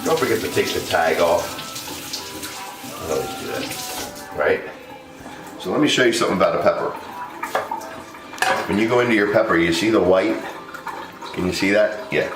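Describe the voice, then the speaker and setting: In his home kitchen, a man hosting a cooking vlog chats loosely to the camera, laughing often as he walks through the prep. His voice is deep and animated, at a moderate pace with long pauses, and the recording sounds roomy.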